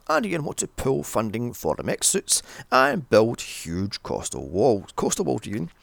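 A man's voice: mid-range voice, vocal fry, a bit bright, dry recording. A man recapping a film in a sarcastic, exasperated rant, swearing constantly. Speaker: film reviewer. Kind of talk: profane ranting film recap.

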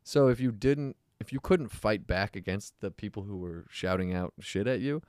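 A man's voice: lowish voice, moderate pace, darkish tone, no room sound, studio quality. A man, a comedian co-hosting a casual chat, who tells stories and acts out heckles in a raised voice. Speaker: comedian podcast co-host.

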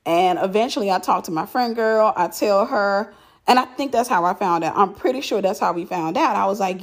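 Woman, casual storytelling, animated, slightly breathy voice. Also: medium pitch, brisk. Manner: animated, repeats herself for emphasis, laughs.

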